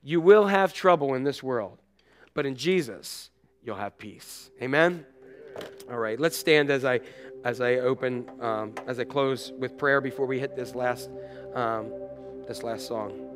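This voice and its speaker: A man preaching a sermon as a pastor, repeating rhetorical questions with rising emphasis, then praying in a quieter, confessional tone. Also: mid-range voice, unhurried. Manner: intimate confessional tone in prayer. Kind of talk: sermon and closing prayer.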